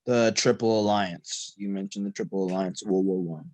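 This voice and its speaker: A man's voice: low-pitched, fairly even intonation, moderate pace, a little mellow, no echo. A man taking part in a casual class discussion, with brief, tentative interjections.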